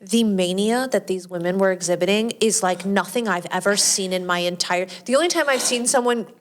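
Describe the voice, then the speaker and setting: A woman's voice: medium pitch, fairly quick. A woman in her thirties chatting casually as a podcast co-host, with wry, exasperated commentary. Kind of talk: casual chat.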